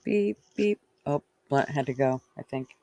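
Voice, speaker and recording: A man co-hosting a live stream, casual and teasing in quick back-and-forth. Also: a little high, lively intonation, creaky, warm tone, no room sound.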